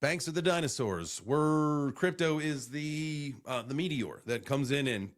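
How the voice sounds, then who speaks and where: A man's voice: fairly high pitch, unhurried. A man hosting a casual live crypto reaction stream, rambling and swearing as he reacts to clips. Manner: rambling, profane, animated.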